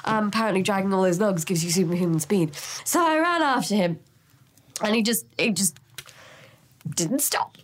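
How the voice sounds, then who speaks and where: A woman playing a tabletop game, telling her part of the story in an animated way, with sound effects and casual swearing. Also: mid-range voice, normal speed. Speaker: player. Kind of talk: in-character recap in a tabletop game.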